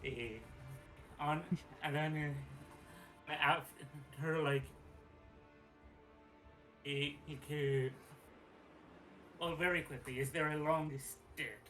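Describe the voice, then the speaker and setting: A man playing a tabletop role-playing game, describing his character's actions haltingly with many fillers and restarts. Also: fairly high pitch, steady tone, a bit bright, faint music behind, rough recording. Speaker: player. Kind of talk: tabletop role-play chat.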